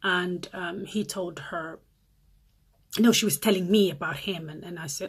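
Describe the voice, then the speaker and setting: A middle-aged woman vlogging casually to camera, telling animated stories and acting out her friends' lines. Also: moderate pace, breathy edge. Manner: animated storytelling, acts out friends' lines in a higher voice.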